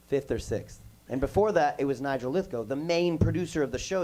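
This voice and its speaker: A man's voice: mid-range voice, darkish tone, low-quality recording. A man in his forties with a voice under the weather, telling stories at a casual workshop Q&A and wandering off on tangents. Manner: rambling, goes off on tangents. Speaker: guest musician at a workshop Q&A. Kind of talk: casual storytelling Q&A. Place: music school room with kids.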